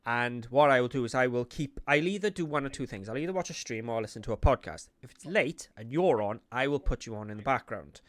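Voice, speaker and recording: A man's voice: mid-range voice, expressive, fairly quick, hardly any pauses, dry recording. A man with a Welsh accent hosting a casual chat, talking in a rambling, jokey way. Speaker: podcast host.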